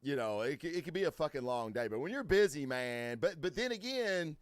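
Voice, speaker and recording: A man's voice: on the high side, big pitch swings, brisk, no room sound, studio quality. Swearing, storytelling podcast host, man. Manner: loud, swearing, storytelling with lots of fillers. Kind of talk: casual podcast chat. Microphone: studio microphone.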